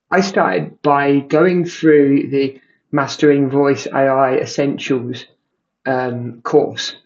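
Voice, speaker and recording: Halting man demoing tech. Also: fairly high pitch, a little mellow, dull audio. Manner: halting, full of ums and restarts. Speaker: tech creator. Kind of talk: casual screen-share walkthrough.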